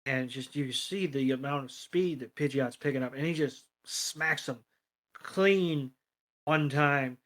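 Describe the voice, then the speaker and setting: A man's voice: medium pitch, unhurried, a bit bright. A man co-hosting a podcast, casually recapping a battle and correcting himself along the way. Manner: casual, loose, self-correcting. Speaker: podcast co-host.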